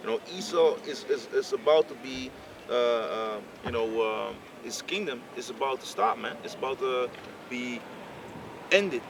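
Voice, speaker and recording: A man in a casual group discussion who speaks haltingly with many fillers and builds into heated rhetorical questions. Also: mid-range voice, expressive. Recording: distant mic, clear outdoor noise.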